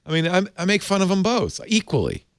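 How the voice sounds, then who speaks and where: A man hosting a casual tech panel show, joking and playful, quick to laugh. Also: sits high, huge pitch swings, dry recording, clean studio sound. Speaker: podcast host.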